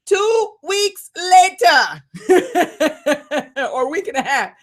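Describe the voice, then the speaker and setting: A woman coach hosting a live Q&A call, fired up and loud, calling her listeners y'all. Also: very high-pitched, sing-song, slow pace.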